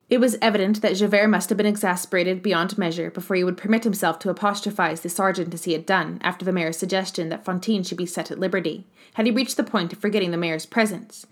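This audiobook of a classic novel is read by a woman whose voice is mid-range. Her narration is measured and expressive.

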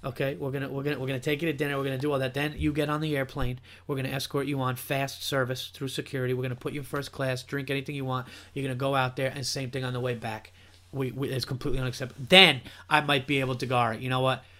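A man hosting a comedy podcast, ranting in an animated way and repeating himself for emphasis. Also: mid-range voice, very fast. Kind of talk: casual comedy podcast chat.

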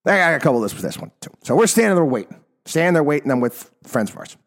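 A man hosting a talk program, ranting in an exasperated monologue that swings from loud outbursts to low mutters, in his fifties. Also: sing-song, racing. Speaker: radio talk show host. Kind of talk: opinionated monologue.

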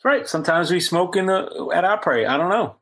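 Husky podcast dude teasing his buddy, laughs a lot, kinda high voice. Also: animated, moderate pace, a bit bright. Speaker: podcast co-host. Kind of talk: casual chat.

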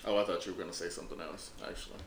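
A man's voice: sits low, fairly even intonation, racing. A man hosting a casual podcast chat, agreeable and building his points step by step. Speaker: podcast host. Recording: roomy echo, faint noise.

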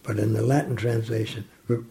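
A man explaining a Bible passage in conversation, reading verses slowly and reflecting on them. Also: lowish voice, flat delivery, vocal fry, dark tone, poor audio. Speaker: Bible teacher. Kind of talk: scripture commentary in conversation.

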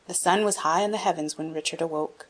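A woman reading a classic children's novel aloud in even, measured narration. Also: low voice. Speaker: audiobook reader. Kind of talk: scripted narration.

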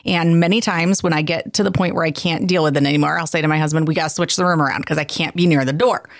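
A middle-aged woman co-hosting a podcast, telling stories in a casual, animated way with frequent laughs. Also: sits low, quick pace, no room sound, studio quality. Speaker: podcast co-host. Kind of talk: casual chat.

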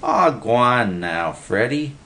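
A man's voice: mid-range voice, very animated, slow pace, sharp tone, a little hiss or hum, pitched above the performer's own voice, exaggerated voice. A man voicing a whiny, gullible male park bum in a storybook reading. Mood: adoring. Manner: whining, gullible, slangy.

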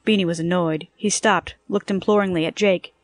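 A woman narrating a first-person story in a brisk, wry storytelling manner. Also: lowish voice, fairly even intonation. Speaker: audiobook narrator.

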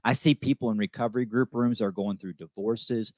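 A man's voice: on the low side, fairly even intonation, fairly quick, darkish tone, no room sound. A man hosting a recovery show, speaking with emphatic conviction, repeating key lines and checking in with "okay?". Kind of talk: heartfelt recovery talk.

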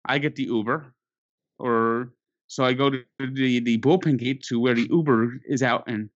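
A man telling a sports story in an exasperated, animated way, stumbling over his words and restarting often. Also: medium pitch, moderate pace, no room sound. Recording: dull lo-fi dry recording.

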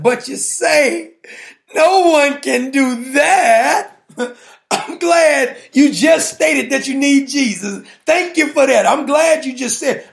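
High, gravelly-voiced male preacher. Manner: fires rhetorical questions, jokes and laughs with the congregation; colloquial, playful preaching. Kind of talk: sermon.

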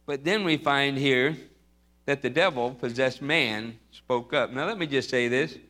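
A man's voice: mid-range voice, unhurried, sharp tone. A man preaching an emphatic sermon in church, repeating his points and acting out Bible figures. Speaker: pastor.

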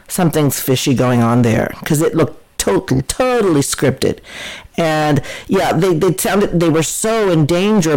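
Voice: mid-range voice, darkish tone, poor audio. Emphatic, scornful political commentator. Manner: emphatic, scornful, with repeated words and restarts. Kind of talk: opinionated solo commentary.

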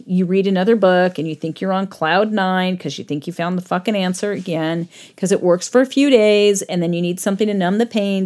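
A woman's voice: fairly low pitch, a little mellow. A middle-aged woman hosting her own podcast, talking bluntly and casually, swearing freely and laughing at herself. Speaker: podcast host. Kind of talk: solo podcast monologue.

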